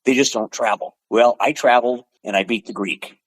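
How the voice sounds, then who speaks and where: A man in his seventies from the Pacific Northwest, a podcast guest telling animated stories in conversation, punctuated with sound effects. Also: mid-range voice, brisk, dry recording, low-quality recording. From Pacific Northwest, USA. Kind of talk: storytelling in conversation.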